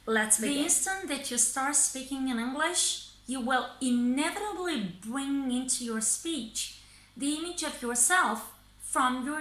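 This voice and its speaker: A woman teaching English in a scripted lesson, speaking slowly and deliberately and pausing between phrases. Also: high voice, sharp tone, reverberant, poor audio. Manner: slow, deliberate, pausing by thought groups.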